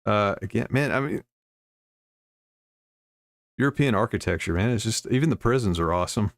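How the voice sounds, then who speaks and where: A man with a fairly low voice reads news aloud on a livestream, chuckling and tossing in offhand comments as he goes. The sound is dry and close, with little room around it. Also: lively intonation, moderate pace, no echo. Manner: reads news aloud with frequent laughs and asides. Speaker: streamer reading news.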